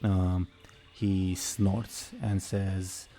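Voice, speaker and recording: Slow, low-voiced game master. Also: male voice, fairly even intonation, warm tone, soft background music. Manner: slow, halting narration with many fillers. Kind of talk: narrating a tabletop game.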